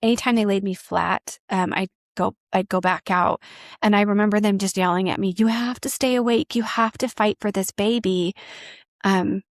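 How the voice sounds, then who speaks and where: A woman's voice: medium pitch, steady tone, normal speed, no echo, studio quality. A woman in her thirties, a podcast guest, telling a personal story in a candid, rambling way with many fillers and restarts.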